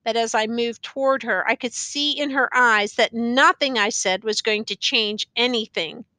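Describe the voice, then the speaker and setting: Woman narrator, audiobook reading, high pitch, dry close sound. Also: dry recording. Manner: measured, even storytelling. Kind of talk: scripted narration.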